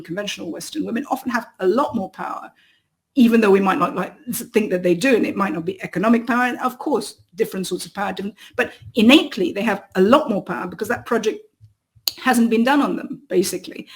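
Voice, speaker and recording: A woman novelist appearing as a podcast guest, arguing provocatively in casual chat, with many restarts. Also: fairly high pitch. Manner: forceful, provocative, with repeated restarts. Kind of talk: casual conversational interview.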